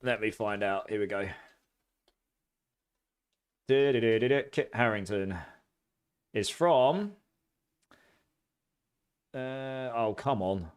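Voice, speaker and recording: A chatty man with an Essex accent mixed with a bit of posh English, giving live commentary while he plays. He laughs easily and reacts with excitable bursts. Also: mid-range voice, takes it slowly, long pauses, smooth. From near London, England. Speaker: streamer.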